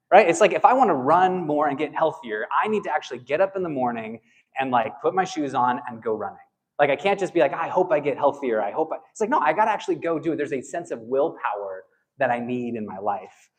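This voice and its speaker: Animated, conversational man preaching. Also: on the high side. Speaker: pastor. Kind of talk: sermon.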